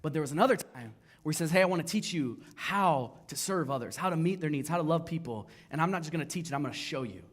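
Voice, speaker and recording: Animated man preaching with self-mocking humor. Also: fairly high pitch, fast talker. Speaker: pastor. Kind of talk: sermon. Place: church stage before a congregation.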